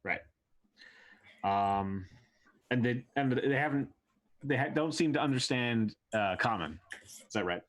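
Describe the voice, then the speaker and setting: A man playing a tabletop game, speaking hesitantly with many pauses. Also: mid-range voice, animated, a bit bright. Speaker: player. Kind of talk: casual tabletop play.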